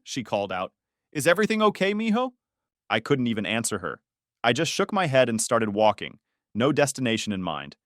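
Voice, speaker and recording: A young man narrating a first-person story in an even, reflective way. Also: medium pitch, no echo, clean studio sound.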